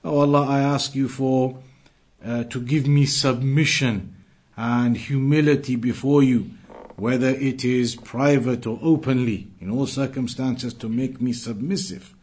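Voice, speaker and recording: In his Islamic lesson, this male teacher rattles off Arabic passages fast and then unpacks them patiently, restating and rewording phrases. He has a mid-range voice with a steady tone and a slightly mellow quality.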